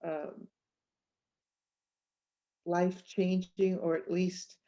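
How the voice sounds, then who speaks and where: A woman author and clairvoyant telling stories in an interview, animated and acting out the voices in her anecdotes. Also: lowish voice, drawn-out words, highs cut off. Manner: animated, acts out voices in anecdotes, laughs often. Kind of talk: storytelling interview chat.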